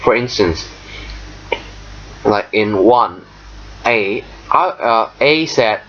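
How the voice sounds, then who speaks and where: A man teaching an English lesson, explaining step by step with frequent pauses and fillers. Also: on the low side, a bit bright. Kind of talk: recorded lesson walkthrough. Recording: dull lo-fi recording, faint noise.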